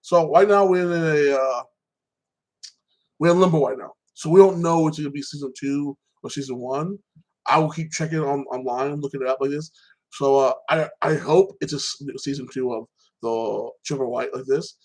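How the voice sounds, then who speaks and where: On a low-quality recording, a man with a slightly high, darkish voice talks at a normal pace as he hosts a casual podcast. He rambles through TV episode recaps, restarting often and tacking "like that" onto his phrases.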